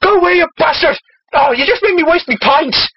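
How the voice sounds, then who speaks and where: A speaker putting on a rough Irish accent to voice a rowdy, drunken old Irish grandpa who bellows and fights. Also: extremely high pitch, expressive, brisk, muffled recording, noisy background, voice pushed up. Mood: angry. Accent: put-on Irish.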